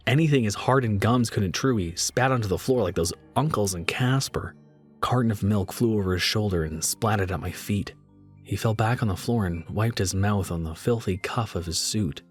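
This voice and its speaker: A man reading a horror story aloud in a measured way, slowing down for dread. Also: fairly low pitch, faint music behind. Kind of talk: scripted horror narration.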